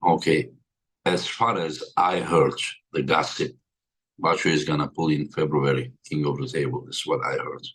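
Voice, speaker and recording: A man's voice: a bass voice, fairly even intonation, moderate pace, a bit bright, slightly rough. A tired man hosting a livestream in casual chat, greeting his viewers by name one after another. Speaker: livestream host.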